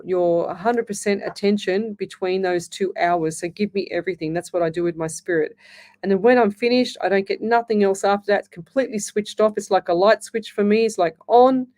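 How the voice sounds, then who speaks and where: Woman, radio psychic host; easygoing, reassuring chat, soft dark tone. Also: medium pitch, brisk. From Australia. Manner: chatty, reassuring, calls listeners lovey; reads listener comments aloud. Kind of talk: live call-in readings.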